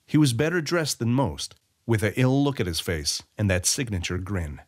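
A man narrating a fantasy short story as an audiobook reader, in an expressive storytelling way. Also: fairly low pitch, normal speed.

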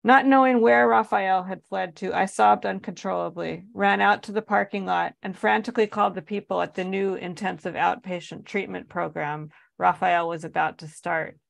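A woman's voice: medium pitch, fairly even intonation, normal speed, vocal fry, hardly any pauses, no room sound. A woman, an author, reading aloud from her own memoir in an earnest, emotionally charged way.

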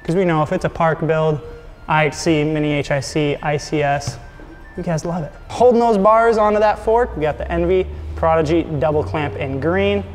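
A man's voice: on the high side, moderate pace, soft background music. A young man hosting a casual product build vlog, upbeat and jokey, talking straight to his viewers. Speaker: host of a scooter shop channel.

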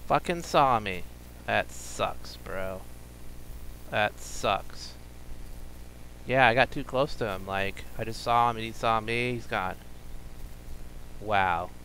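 A man streaming a video game live, talking to himself as he plays and breaking into loud, frustrated, swearing outbursts. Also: on the low side, slow pace, long pauses, slight background noise, rough recording. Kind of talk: live gameplay commentary.

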